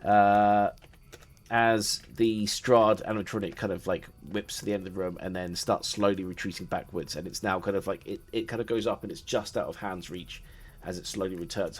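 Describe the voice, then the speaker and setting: A man's voice: lowish voice, fairly even intonation, a little fast. A man narrating as game master, loose and hesitant, often laughing.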